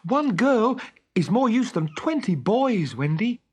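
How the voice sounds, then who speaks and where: A man's voice: high-pitched, big pitch swings, voice pushed up, exaggerated voice. A man reading a storybook aloud and voicing a cocky, boastful boy who crows when pleased and snaps when cross. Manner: crowing, quick to snap.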